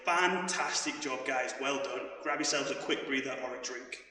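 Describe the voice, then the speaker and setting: A man's voice: mid-range voice, normal speed. A man leading an online judo class for children, calling out directions as he moves and getting out of breath. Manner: shouts commands while moving. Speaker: judo coach. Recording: echoey hall, mic far off.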